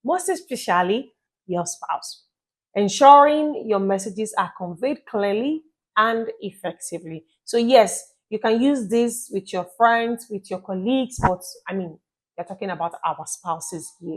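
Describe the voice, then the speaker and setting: A woman giving relationship tips in a casual vlog, chatty and lively, often checking in with the listener. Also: mid-range voice, a little slow. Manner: chatty, asks listeners "you get my point?"; acts out little scenes with playful quoted voices. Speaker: relationship advice vlogger.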